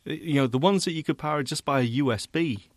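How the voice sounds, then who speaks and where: A middle-aged man co-hosting a podcast, chatting in a lively, teasing way. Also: on the high side, fast talker, no echo. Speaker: podcast co-host. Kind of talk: casual chat.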